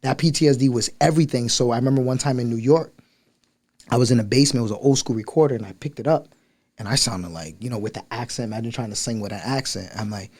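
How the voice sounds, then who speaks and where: A man's voice: medium pitch, fast talker. A young man from Liberia, a podcast guest, telling his life story in casual chat and acting out the people in it. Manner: animated, acts out voices in his stories.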